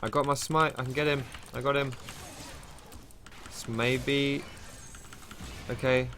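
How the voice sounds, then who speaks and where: A man giving excitable live commentary over his own gameplay, thinking aloud and swearing casually. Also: mid-range voice, takes it slowly, a little hiss or hum. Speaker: gaming streamer. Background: keyboard typing.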